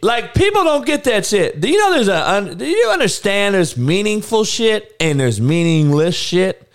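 A man's voice: high-pitched, big pitch swings, normal speed. A man ranting bluntly and profanely in casual talk, laughing between heated points.

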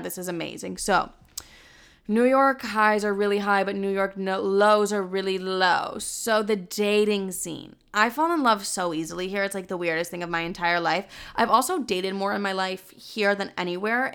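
Chatty young woman with a creaky voice. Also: medium pitch, a bit bright. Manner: chatty, frequent "like", candid with swearing. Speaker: vlogger. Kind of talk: casual chat.

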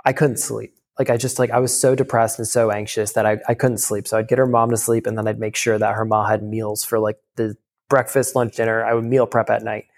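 Fast-talking man telling a heartfelt story. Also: lowish voice, little pitch movement. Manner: rapid, filler-heavy speech full of "like". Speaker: podcast guest. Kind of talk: casual storytelling.

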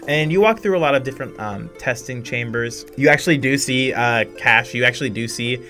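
A man's voice: medium pitch, sharp tone, faint music behind. A man narrating as game master, hesitant, with many ums and restarts. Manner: halting, full of fillers and restarts.

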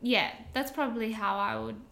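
Bright-voiced woman guest, agreeable. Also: a little high, steady tone, moderate pace, vocal fry. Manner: agreeable, thoughtful answers with fillers. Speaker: wedding planner and stylist, guest. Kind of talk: casual chat. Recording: roomy echo.

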